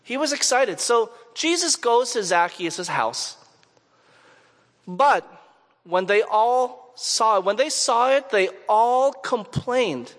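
High-voiced preacher in a reverberant hall. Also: male voice, expressive, slow, a bit bright. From Canada, Montreal. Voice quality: conversational, asks the audience questions. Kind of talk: sermon with personal storytelling.

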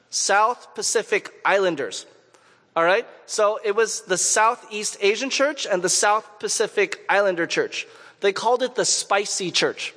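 A man's voice: high voice, a bit bright. A man from Montreal, preaching a sermon in a conversational storytelling way and asking his listeners questions. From Canada, Montreal. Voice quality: conversational, asks the audience questions. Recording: long hall reverb.

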